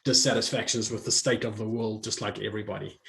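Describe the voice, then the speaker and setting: A man's voice: on the low side, level tone, fast, vocal fry, fairly bright tone. A middle-aged man talking reflectively as a guest, often restarting his phrases and laughing easily. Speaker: guest speaker. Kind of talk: conversational online talk.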